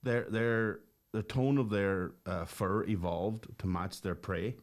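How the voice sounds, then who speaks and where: A man with a low voice chats casually on a comedy podcast. He muses wryly and swears freely, often trailing off mid-thought. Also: slow pace. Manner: musing, wry, sweary. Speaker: podcast co-host.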